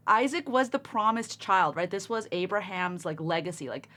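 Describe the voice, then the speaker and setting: Young woman podcast co-host, calm, supportive, casual chat. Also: lowish voice, normal speed.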